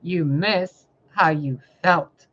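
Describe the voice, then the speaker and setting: A woman's voice: lowish voice, extremely slow, fairly bright tone, muffled recording. A woman tarot reader giving an impassioned spiritual monologue, fiery and confrontational, full of swearing and rhetorical questions.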